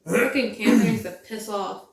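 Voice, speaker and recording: A woman's voice: mid-range voice, moderate pace, a crowd in the background. A drunk woman chiming in bluntly and jokingly during casual movie commentary. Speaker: co-host, girlfriend. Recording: roomy echo.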